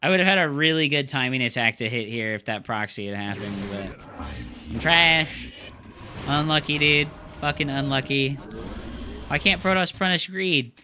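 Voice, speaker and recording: A man's voice: mid-range voice, moderate pace, bright, forceful tone, a little hiss or hum. A young man streaming live game commentary, ranting with frustration and cursing constantly in loose slangy gamer talk. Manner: frustrated ranting, heavy swearing.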